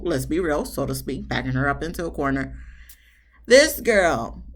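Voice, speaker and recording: A woman's voice: fairly low pitch, fairly bright tone. A woman reviewing a reality TV episode in casual, blunt, sassy commentary with slang and exasperated rants.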